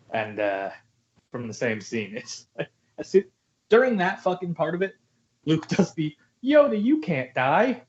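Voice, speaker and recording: Animated ranting man on a podcast. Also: medium pitch. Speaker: podcast co-host. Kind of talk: casual profane movie chat. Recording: dull lo-fi podcast audio.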